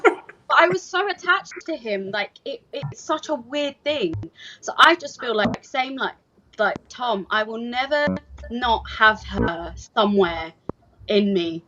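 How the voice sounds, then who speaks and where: A woman speaking earnestly and reflectively, leaning on "like" as she talks. Her voice comes through a dull, lo-fi video call with a clear bed of noise behind her. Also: medium pitch, moderate pace. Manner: earnest, heavy use of "like". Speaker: actor on a panel. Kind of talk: reflective panel answer.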